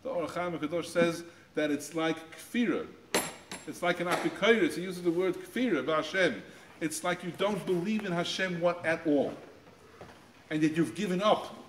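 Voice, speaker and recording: Male guest speaker, slightly higher voice, teaching Torah to teens, animated with quotes, repeats words, reverberant school space. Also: moderate pace, slight background noise. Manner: acts out quoted voices with pitch jumps; repeats words while finding phrasing. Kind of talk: Torah talk to high school students. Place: school room.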